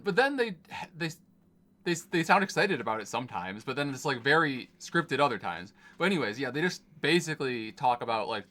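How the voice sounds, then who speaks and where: A man co-hosting a casual gaming podcast, talking in a relaxed, wry way. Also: mid-range voice. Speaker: podcast co-host.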